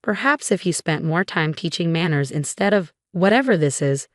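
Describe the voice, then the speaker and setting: A woman's voice: fairly low pitch, expressive, normal speed, no echo, studio quality, natural voice. A woman voicing a disdainful, condescending older mother-in-law. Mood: haughty. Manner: condescending, haughty.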